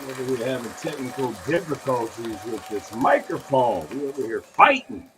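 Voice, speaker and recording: A man's voice: medium pitch, sing-song, moderate pace, a crowd in the background, background noise. A man of fifty hosting a live podcast in a laid-back, drawling style. He repeats phrases and calls his listeners y'all. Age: 50s. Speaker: podcast host. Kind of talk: casual live podcast chat.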